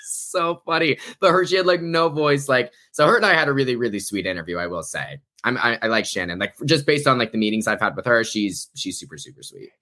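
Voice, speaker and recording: A man appearing as a guest on a casual recap podcast, talking in an animated, exclamatory way and laughing often. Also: medium pitch, fast, few pauses. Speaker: magazine writer guest.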